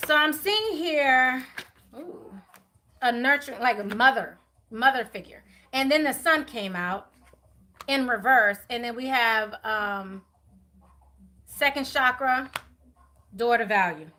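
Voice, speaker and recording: A woman giving a chatty live tarot reading, talking to viewers and spirits, with many fillers and quick apologies. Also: on the high side, expressive, pushed and bright, a little hiss or hum. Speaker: tarot reader.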